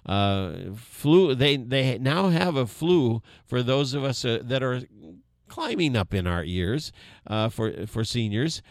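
A man's voice: mid-range voice, sing-song, slow, no room sound, studio quality. A man in his sixties hosting a local radio show, talking casually with many fillers and folksy asides. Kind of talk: casual on-air talk.

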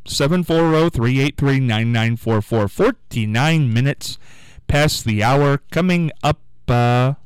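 A man's voice: mid-range voice, smooth, no room sound, rough recording. A man hosting a local call-in radio show, rambling and chatty with lots of fillers. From United States. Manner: rambling, chatty, self-amused, many fillers. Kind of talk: casual call-in radio chat. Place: radio studio.

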